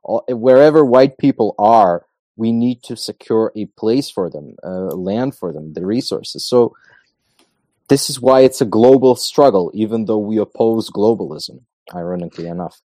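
A man's voice: fairly low pitch, normal speed, mellow, no room sound. A man from Macedonia, a guest in a casual talk, making emphatic points in repeated lists. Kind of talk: casual podcast conversation.

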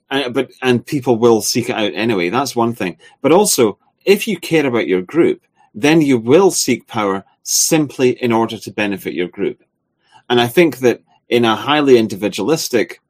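A man co-hosting a spoken discussion, talking in a halting way with many filler sounds and restarts. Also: medium pitch.

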